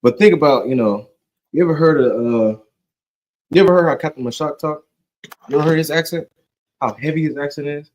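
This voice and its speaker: A man's voice: fairly high pitch, brisk, long pauses, a little mellow, muffled recording. A man teaching scripture in a loose, joking, conversational way, often checking in with "you know what I'm saying". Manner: slangy and joking. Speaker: Bible study teacher.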